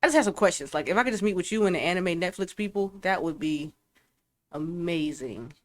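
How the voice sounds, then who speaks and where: A woman's voice: on the low side, lively intonation, fairly quick. A young woman from Ohio with an Ohio accent, co-hosting a casual chat with chatty, giggly storytelling. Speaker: co-host. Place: library.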